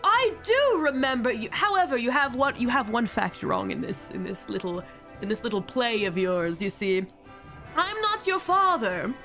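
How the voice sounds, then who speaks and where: Woman playing a pompous British mayor villain, theatrical and haughty, bright and animated. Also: a little high, moderate pace, faint music behind, exaggerated voice. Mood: smug.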